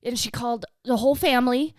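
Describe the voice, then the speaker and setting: A woman's voice: on the high side, fast, no room sound, studio quality. A woman in her thirties, a mother retelling a story in a casual chat and laughing often. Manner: expressive, laughs through her stories.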